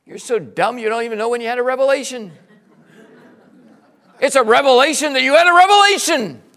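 A man preaching a sermon as pastor, swinging between hushed lines and loud shouted bursts, acting out his listeners in quotes. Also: extremely high pitch, fairly quick. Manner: acts out listeners' voices in quotes.

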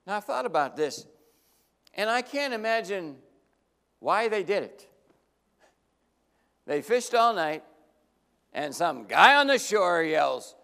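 Guy preaching, high voice, acts out the story lines, big echoey church hall. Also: sing-song, slow, vocal fry, long pauses, bright, forceful tone. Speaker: pastor. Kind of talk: sermon.

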